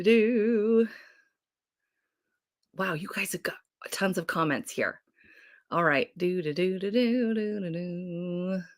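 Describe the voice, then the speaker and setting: A woman's voice: lowish voice, a bit bright. Bubbly woman chatting on a livestream. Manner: bubbly, chatty, quick to laugh. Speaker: livestream host. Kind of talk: casual livestream chat. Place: home.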